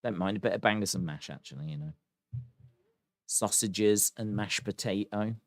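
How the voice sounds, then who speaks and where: A man's voice: lowish voice, normal speed, no echo. An English man hosting a live stream, casually reading viewer comments with playful, mock-indignant banter. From England. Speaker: live stream host reacting to wrestling.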